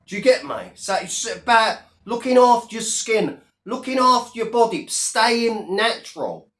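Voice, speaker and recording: A man's voice: very high voice, lively intonation, a little slow, fairly bright tone. Sneering man ranting in an echoey room. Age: 30s. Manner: sneering, profane, taunting. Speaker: YouTuber. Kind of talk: ranting vlog.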